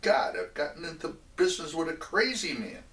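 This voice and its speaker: A man's voice: a little high, very animated, fairly quick, fairly bright tone, a little hiss or hum, voice pushed up. A man voicing a profit-minded male landlord who exclaims and barks orders at servants, in a roomy echo from a distant mic. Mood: alarmed.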